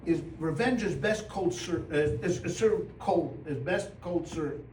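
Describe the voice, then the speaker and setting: Rabbi teaching a class, lively and joking, acts out the characters, higher-pitched male voice, miked from a distance in a roomy hall. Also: unhurried, few pauses. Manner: animated, humorous, acts out voices with Yiddish exclamations. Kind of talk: lively storytelling Torah class. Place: room with a live audience. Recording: roomy sound from a distance, faint room noise.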